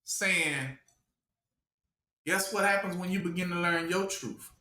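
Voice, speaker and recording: A man's voice: sits high, slow pace, sharp tone, roomy sound. A man preaching a sermon, emphatic, with call-and-response questions to his listeners.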